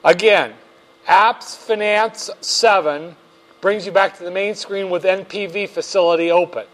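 Slow, high-voiced man teaching finance. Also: fairly even intonation, a bit bright. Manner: slow, joking, step-by-step. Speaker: finance instructor. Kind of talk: classroom lecture.

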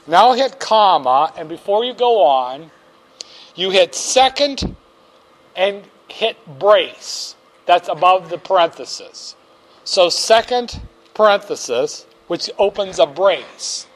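A man teaching a finance class step by step, joking with his students as he walks them through calculator keystrokes. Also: high voice. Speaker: finance instructor. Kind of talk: classroom lecture.

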